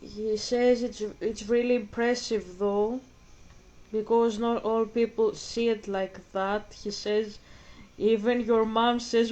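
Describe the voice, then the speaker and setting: Hesitant woman, flat voice. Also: medium pitch, a little slow. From Greece. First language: Greek. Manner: hesitant, repeats words, searches for words. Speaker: vlogger. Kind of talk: casual emotional chat. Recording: dull lo-fi recording.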